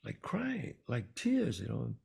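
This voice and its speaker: A man spins a story as a podcast co-host, with a gravelly, husky voice. His pitch sits a little high and swings widely. He leans on repeated words to drive his points home. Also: wildly swooping pitch, a little slow, a little mellow. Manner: emphatic, repeats words for stress. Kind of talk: casual storytelling chat.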